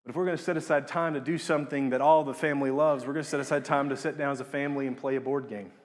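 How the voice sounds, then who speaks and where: A young man preaches a sermon very fast and earnestly, his tone steady as he climbs to emphatic peaks and drops low on key words.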